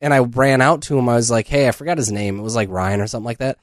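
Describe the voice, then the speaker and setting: A man's voice: medium pitch, steady tone, very fast, no echo, studio quality. A man co-hosting a podcast, telling a rambling story in casual chat. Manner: rambling storyteller, breaks into laughter. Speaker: podcast co-host.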